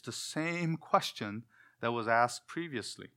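Preaching expository style, a man asks his listeners questions before answering them himself. His phrase endings often drop to a softer level, and his mid-range voice has lively intonation at a normal pace.

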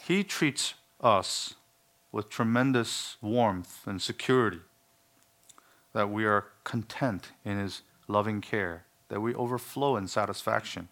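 A man's voice: on the low side, a little slow, fairly bright tone. A male pastor preaching a sermon in an earnest, emphatic way, with some humorous asides.

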